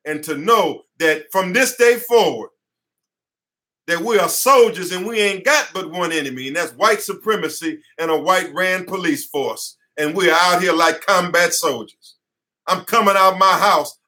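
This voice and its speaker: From his office, an attorney and teacher gives an impassioned class lecture in a high, bright voice with a forceful edge. Fiery and preacher-like, he hammers points home by repeating phrases, sweating as he speaks.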